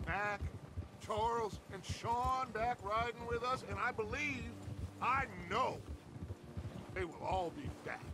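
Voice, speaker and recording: A man's voice: very high voice, takes it slowly, background noise, exaggerated voice. An actor playing a middle-aged outlaw gang leader in a western game, giving rousing, speechifying talks to his gang.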